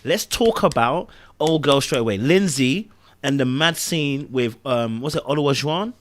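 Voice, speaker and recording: A man's voice: medium pitch, lively intonation, normal speed. Laid-back man hosting a podcast. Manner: laid-back, lots of slang and fillers. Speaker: podcast host. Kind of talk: casual chat.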